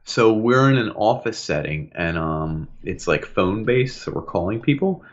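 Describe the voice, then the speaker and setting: Animated man co-hosting a podcast, lo-fi sound. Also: lowish voice, unhurried. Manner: animated storytelling, acts out quotes, laughs a lot. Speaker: podcast co-host. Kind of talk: casual chat.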